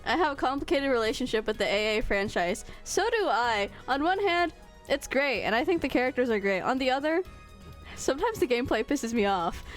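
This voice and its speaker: A woman streamer chats casually as she plays, self-mocking and chatty, with a fairly high voice. Soft music plays faintly behind her. She talks loosely and off the cuff. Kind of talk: casual game streaming chat.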